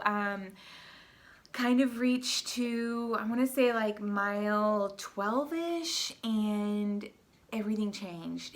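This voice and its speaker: An adult woman with a school-age daughter, recapping a race in a casual personal vlog, earnest and emotional, with many fillers as she tells her story. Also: mid-range voice. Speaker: vlogger.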